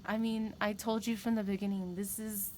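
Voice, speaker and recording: A woman's voice: medium pitch, flat delivery, normal speed, a little mellow, slight background noise, poor audio. A woman giving a tarot reading, talking candidly and rambling, with emphatic repeats. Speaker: tarot reader. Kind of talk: casual spiritual talk to camera.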